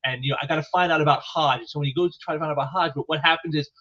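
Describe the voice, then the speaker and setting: A man's voice: on the high side, fairly even intonation, very fast, bright, forceful tone. A man reviewing comic books in casual solo commentary, rambling and restarting with lots of "you know" fillers. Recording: muffled lo-fi recording.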